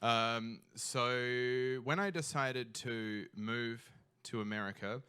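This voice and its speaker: A young Australian man telling a funny personal story on stage, animated and self-mocking, swearing freely. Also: medium pitch, takes it slowly, smooth, dry recording. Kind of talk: live storytelling.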